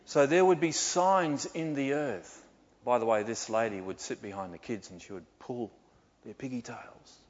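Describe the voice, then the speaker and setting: Older pastor, animated sermon delivery, middle pitch, muffled sound in a long-echo church hall. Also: male voice, moderate pace. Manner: animated preaching with rhetorical questions.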